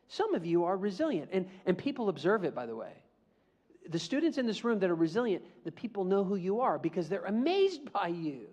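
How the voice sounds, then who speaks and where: A man's voice: high voice, a little fast. A man giving a playful motivational talk to a room full of students and calling for the audience to answer back. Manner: playful, animated, calls for audience responses. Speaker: motivational speaker. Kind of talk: school assembly talk.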